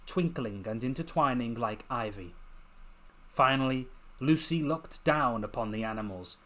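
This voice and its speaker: Brief: male author-narrator, mid pitch, slow dramatic storybook reading. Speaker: author reading his novel. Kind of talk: scripted narration.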